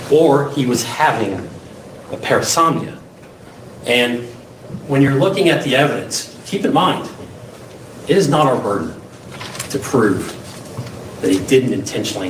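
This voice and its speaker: A male defense attorney giving an opening statement to a jury, emphatic and full of rhetorical questions. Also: medium pitch. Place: courtroom. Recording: echoey courtroom, distant mic, faint hiss.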